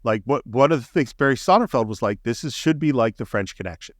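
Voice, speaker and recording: A middle-aged man talks through a movie scene by scene with eager enthusiasm, in an even, mid-range voice. The sound is dry and close, with no room around him. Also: medium pitch, fast talker, no room sound. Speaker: podcast co-host. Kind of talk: casual film discussion.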